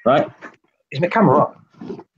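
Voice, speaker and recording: At a moderate pace, a man with a fairly high voice and lively intonation hosts a casual reef-keeping live stream. He's chatty and repetitive, describing each step as he demonstrates, and the stream audio is slightly muffled with a faint hiss.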